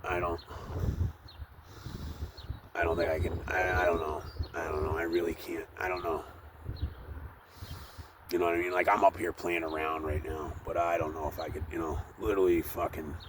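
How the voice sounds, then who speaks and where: A man's voice: low voice, flat delivery, normal speed, long pauses, background noise. A man rambling and swearing as he talks to the camera, outdoors up in a tree while he works on it. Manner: rambling, profane, with many fillers. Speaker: tree worker vlogging. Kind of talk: casual rambling monologue.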